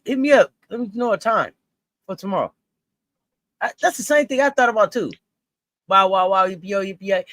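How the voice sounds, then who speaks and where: Animated co-host with a lively pitch. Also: no room sound, low-quality recording. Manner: animated, teasing, reads chat aloud. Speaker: sports podcast co-host. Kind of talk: casual live-stream sports chat.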